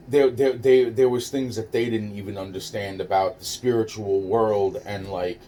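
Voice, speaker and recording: Man, lowish voice, calm storyteller, swears a lot, restarts sentences constantly. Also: slight background noise. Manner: rambling, profane, frequent restarts and stammers; calm, low-key delivery. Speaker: storyteller recounting a personal ordeal. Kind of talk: casual spoken recollection.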